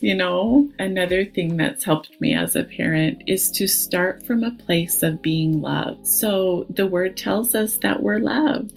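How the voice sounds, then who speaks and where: A woman's voice: lowish voice, gravelly. A middle-aged mother of five speaking as a podcast guest, telling an earnest personal faith story. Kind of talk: faith-based conversation.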